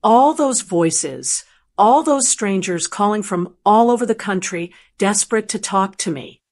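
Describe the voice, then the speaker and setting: Gentle woman narrating a first-person story. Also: medium pitch, lively intonation, unhurried.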